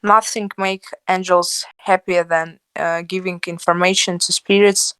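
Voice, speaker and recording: A woman reading a religious text aloud in English on an online book club call, careful and pausing often with uh. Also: fairly low pitch, flat delivery, a bit bright, smooth, no echo, poor audio. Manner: careful, filled with uh pauses. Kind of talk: reading aloud with halting pauses.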